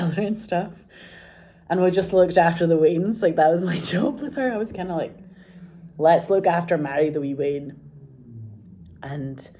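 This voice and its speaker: Low mellow Scottish woman chatting. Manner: swears freely, rambling and animated. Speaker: vlogger. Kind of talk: casual chat to camera.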